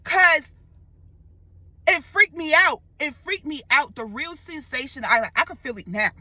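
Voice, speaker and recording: A young woman casually retelling a dream in a vlog, expressive and loose, full of slang and swearing. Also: high-pitched, a little slow, no echo. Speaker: storyteller vlogger.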